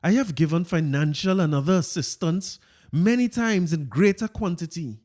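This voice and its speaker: A stiff, formal male government minister reads out his own wordy, stilted prose, as a podcast host puts on his voice. The voice sits a bit high but stays soft and mellow. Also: animated, normal speed, lightly acted. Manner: wordy, stilted officialese read aloud.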